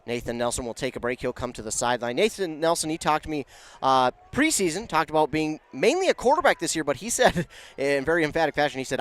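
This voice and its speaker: A man calling a local high school football game, chatty and self-correcting, rising in pitch and volume on big plays. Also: expressive, brisk. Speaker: play-by-play announcer. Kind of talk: local football play-by-play commentary.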